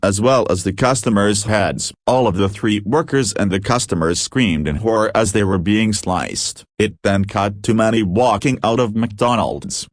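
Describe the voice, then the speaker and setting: Guy with a lowish voice reading a creepy fan story, dry close mic, barely changes voice for characters. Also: no echo.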